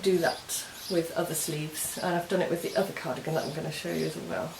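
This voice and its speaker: A gravelly, low-pitched woman with fairly even intonation speaks a little fast on her knitting podcast. Her casual show-and-tell chat meanders through step-by-step project explanations. There's a roomy echo with a faint hiss.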